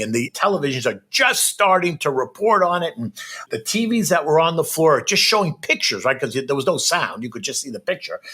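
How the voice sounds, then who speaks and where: A middle-aged man telling a personal story as a podcast guest, animated and keeps checking in with "right?". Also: a little high, slightly rough.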